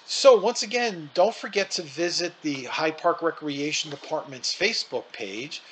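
Guy reading a kids book out loud, really lively voice, faint hum in the back. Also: a little high, moderate pace, rough recording. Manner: animated storytelling. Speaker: storyteller. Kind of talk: reading a children's book aloud.

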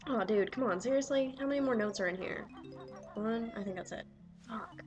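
A young woman swearing and yelling excitedly at the game she plays while commenting. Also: a little high, normal speed, music in the background. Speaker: let's player. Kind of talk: casual gameplay commentary.

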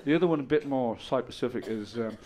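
A middle-aged man doing a stand-up set on stage, telling stories deadpan with bursts of loud exasperation. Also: medium pitch, quick pace. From Ireland. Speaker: stand-up comedian. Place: comedy stage with audience.

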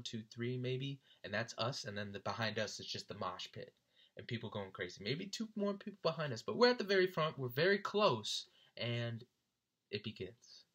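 A young man with a bright, forceful voice tells a story straight to the camera. He is animated and laughs often, and his voice lifts high whenever he imitates his friends. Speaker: vlogger recounting a concert. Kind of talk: casual storytelling.

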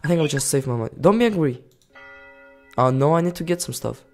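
A young man giving excitable casual commentary while playing a game, reading its text aloud and yelling at enemies. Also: mid-range voice, rapid-fire, vocal fry. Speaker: gaming YouTuber.

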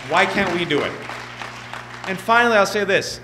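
Male keynote speaker, 30s, animated storyteller who does impressions, voice a little high, faint music underneath. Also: normal speed, some chatter behind, rough recording. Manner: animated, joking storyteller who mimics others. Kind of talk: motivational speech. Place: event hall.

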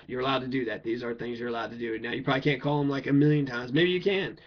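A man's voice: mid-range voice, fairly even intonation, very fast, hardly any pauses. Heated man ranting, lo-fi. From Kentucky. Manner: blunt, heated, swearing, rhetorical questions. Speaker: political speaker. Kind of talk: profane political rant. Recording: dull lo-fi recording.

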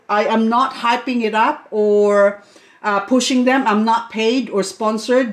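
A middle-aged woman vlogging an unboxing in a loose, casual chat. She is excitable and gushing, and now and then she talks straight to the plants. Her voice sits at an everyday middle pitch. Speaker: succulent vlogger.

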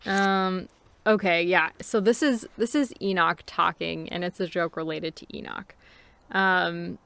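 A woman's voice: fairly low pitch, fairly even intonation, unhurried, gravelly, fairly bright tone, clear, resonant tone. A woman giving a casual book review, chatty and musing, with frequent fillers and laughs between thoughts.

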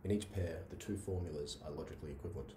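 A very deep male voice races through a university logic lecture, working examples and checking in with "right?" between fillers. Background noise runs underneath. The recording has a roomy echo, a distant voice and faint ambience.

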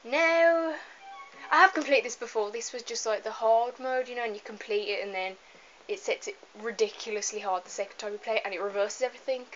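A young woman gives loose, giggly commentary while playing a game at home, wandering off on asides. Her voice sits a little high. The camera mic makes it sound dull and lo-fi, with a faint hiss underneath. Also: fairly quick, a bit bright. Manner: chatty, giggly, rambling asides. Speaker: let's play gamer. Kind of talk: casual gameplay commentary. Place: home room, moving away from the camera at times.

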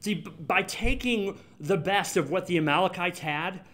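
A man's voice: high voice, moderate pace, a bit bright. Conversational man preaching a sermon. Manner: conversational, emphatic preaching with repetition. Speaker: pastor. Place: church sanctuary.

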